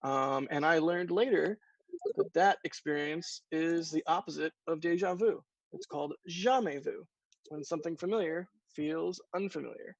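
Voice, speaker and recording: A man co-hosts a late-night livestream in casual, musing tones and drifts easily into personal stories. His voice is gravelly and sits a little high. It comes through a dull, lo-fi remote line with a completely dry sound. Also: moderate pace, dry recording. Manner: musing, storytelling, trailing off. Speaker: livestream co-host.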